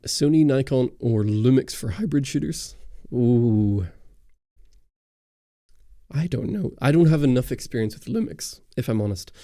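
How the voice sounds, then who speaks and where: A man with a Northern Irish accent chats loosely on a livestream, rambling through viewer questions. His voice is dark and gravelly, with a dry, close-miked sound. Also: medium pitch, no room sound. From Northern Ireland. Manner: rambling, answers viewer chat. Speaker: YouTube host on a livestream. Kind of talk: casual livestream chat. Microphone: close studio mic.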